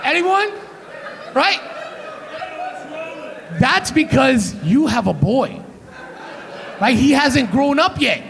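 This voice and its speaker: Canadian stand-up guy on a theater stage, high gravelly voice, loud and crude, roasting the crowd. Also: very animated, slow, pauses often. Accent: Canadian English. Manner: brash, profane, crowd-teasing. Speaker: stand-up comedian. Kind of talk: live stand-up comedy. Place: live theater stage with audience.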